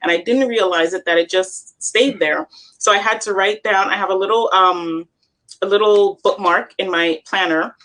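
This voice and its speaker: A woman hosts a motivational chat, explaining ideas earnestly and cheering listeners on. Her voice sits at a middle pitch. She talks at an everyday pace. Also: normal speed, fairly bright tone. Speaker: host.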